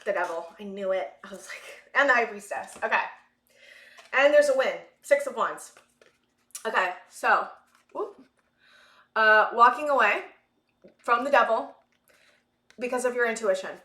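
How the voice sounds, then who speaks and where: A breathless woman reads tarot cards for her viewers, her voice bright and a little high. She rambles and hunts for words, sighing between thoughts. The room around her rings with echo. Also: animated, a little slow, pauses often. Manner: rambling, searching for words, many fillers and sighs. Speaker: tarot reader. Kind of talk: collective tarot reading to camera.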